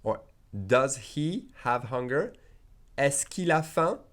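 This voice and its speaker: A man's voice: mid-range voice, animated, slow pace, a bit bright. A man teaching in a casual video lesson, repeating example sentences and checking in with "okay?" and "d'accord?" as he goes. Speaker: French teacher.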